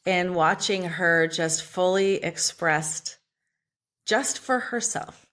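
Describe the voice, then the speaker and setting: A woman's voice: on the low side, slow pace, a bit bright. A woman author speaking as a podcast guest in a passionate, emphatic, motivational way, casually swearing. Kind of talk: motivational interview talk.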